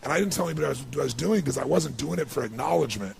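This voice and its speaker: A middle-aged man giving a motivational speech, telling a personal story in an animated, emotional way. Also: mid-range voice, racing, gravelly. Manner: animated, emotional storytelling with rising bursts of intensity. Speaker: motivational speaker.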